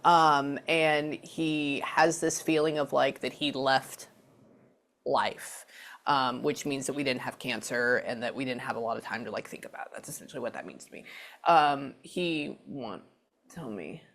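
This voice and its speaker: A woman's voice: a bass voice, a little slow. A young woman giving a mediumship reading, chatty and casual, often dropping to a whisper before speaking up again. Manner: chatty, often drops to a whisper to listen, then speaks up brightly. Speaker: spiritual medium.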